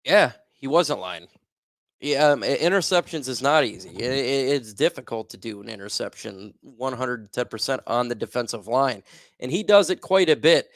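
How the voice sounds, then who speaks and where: On a casual sports livestream, a young host reads out viewer comments and reacts animatedly at a normal speed, his talk loose and full of fillers and restarts. His voice sits at an ordinary middle pitch, captured dry and close without any echo.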